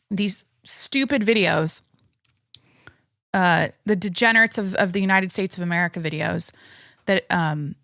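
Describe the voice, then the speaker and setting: A young woman talks loosely into a close podcast mic, rambling and chatty with lots of restarts. Her voice sits at a middle pitch and the sound is dry, with no room around it. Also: a bit bright, no room sound. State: pregnant. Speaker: podcast host. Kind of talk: casual solo podcast chat.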